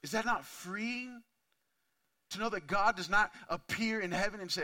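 Man pastor preaching, real-talk style, really bright slightly high voice, gets quiet then loud. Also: normal speed. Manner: candid, conversational preaching with many asides; swings from quiet to loud and intense. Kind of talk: sermon.

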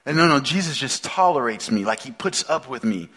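Bright-voiced preacher giving a chatty sermon. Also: male voice, mid-range voice, expressive, brisk. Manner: conversational, asks the congregation many questions; emphatic, repeats phrases for stress. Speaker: pastor.

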